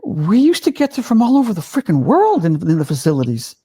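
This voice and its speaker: A man's voice: high-pitched, huge pitch swings, fast talker, mellow, husky. An older man in casual reaction chat, ranting with profanity and repeating his words. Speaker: co-host.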